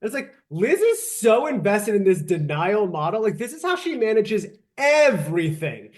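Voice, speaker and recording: A woman co-hosting a podcast, commenting on a book in a casual, animated way with sarcastic asides. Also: medium pitch, normal speed, few pauses. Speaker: podcast co-host. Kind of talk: casual book-recap chat.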